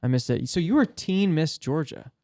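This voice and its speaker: A man's voice: fairly high pitch, lively intonation, moderate pace, mellow. Rambling man host asking questions. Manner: rambling, hesitant, self-correcting questions. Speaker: podcast host. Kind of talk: casual interview questions.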